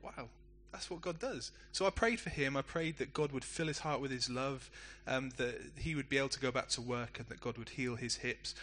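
Pastor, male, middle-aged; bright forward voice; chatty story-led preaching. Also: medium pitch, brisk, few pauses. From England. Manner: conversational, self-deprecating storytelling. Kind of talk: sermon.

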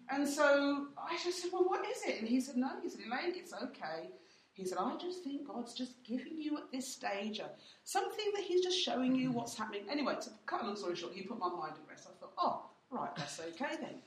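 A woman's voice: high voice, sharp tone, distant mic. Chatty woman telling her story. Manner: chatty storytelling with fillers, voices others in quotes. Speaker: church teacher. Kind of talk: teaching testimony. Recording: roomy and off-mic.

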